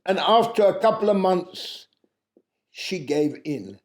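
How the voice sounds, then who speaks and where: A man telling a traditional tale aloud in an unhurried way, pausing often and stopping now and then to correct himself. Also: high voice, animated, darkish tone. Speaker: storyteller. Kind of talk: oral storytelling of a traditional tale.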